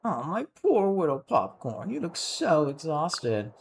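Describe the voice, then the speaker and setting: Doting big-sister noble lady as a man puts her on, breathy, slow, high. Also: wildly swooping pitch, a little hiss or hum, full character voice.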